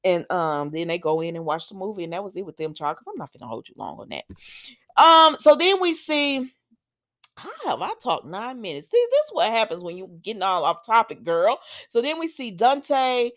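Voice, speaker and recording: A woman giving a chatty, sassy spoken recap, talking straight to viewers and acting out the characters' lines in quick bursts. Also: medium pitch, big pitch swings, a bit bright. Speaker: soap opera recap host.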